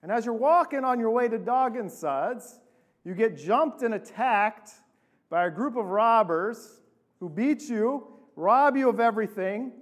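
Man, pastor, high-pitched voice, animated sermon storytelling, acts out quoted voices.

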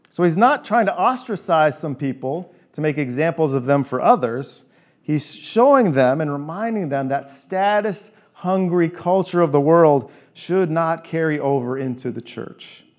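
A man preaching a sermon as a pastor, leaning on repeated phrases and switching between quick casual asides and slow, stressed lines. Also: on the high side.

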